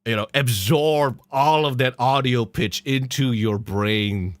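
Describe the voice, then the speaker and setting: A man's voice: mid-range voice, takes it slowly, no room sound. A man hosting a podcast, reacting to clips with mocking laughter and swearing. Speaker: podcast host. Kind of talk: casual commentary on clips.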